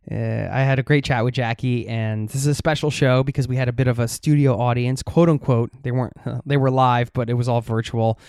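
A man's voice: medium pitch, steady tone, normal speed, a little mellow, clean tone, no echo, clean studio sound. A man hosting a travel podcast, talking in an earnest, heartfelt way with frequent fillers. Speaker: podcast host. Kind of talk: casual podcast chat.

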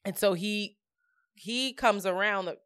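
Woman podcast co-host, bright tense voice, casual storyteller who acts out the dialogue. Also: medium pitch, measured pace, clear, resonant tone, dry recording, clean studio sound. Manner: expressive, laughing, acts out dialogue. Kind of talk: casual chat, animated storytelling.

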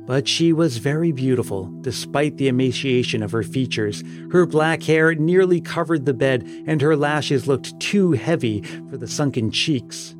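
A man narrating an audiobook tale in a measured, solemn storytelling manner. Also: mid-range voice. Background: music.

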